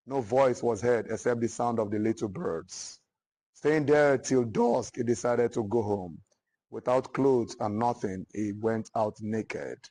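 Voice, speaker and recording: A man teaches literature with a Nigerian English accent. He retells a long poem in his own words and throws himself into the characters' speeches. His voice sits in an ordinary register, rising sharply and growing louder when he acts out the dialogue. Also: measured pace. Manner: dramatic storytelling, acting out the characters' lines with rising pitch and force. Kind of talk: retelling a narrative poem for students.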